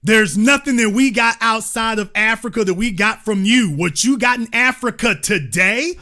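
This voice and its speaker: Bright and forceful, this man's voice sits high as he hosts a commentary show. His monologue runs hot, with points repeated emphatically and confrontationally in slangy, colloquial language.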